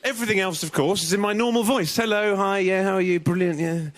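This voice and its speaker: A man doing a stand-up comedy set on a TV show, telling observational jokes in an animated way. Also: high voice, quick pace, very noisy. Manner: animated, mock French and mock-suave voices. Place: TV comedy studio stage. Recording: TV studio with loud audience laughter.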